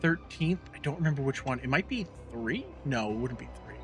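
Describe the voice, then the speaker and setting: A man's voice: medium pitch, expressive, fairly quick, faint music behind. A man co-hosting a podcast in casual chat, rambling and profane, ranting with disbelief. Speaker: podcast co-host.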